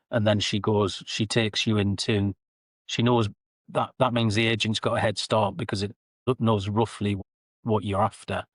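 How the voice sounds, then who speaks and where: A middle-aged Geordie man talks as an interview guest, spinning amused anecdotes in a casual way. His voice sits low and stays fairly flat in pitch. The sound is close and dry. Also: no echo. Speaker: guest, sales and customer success director.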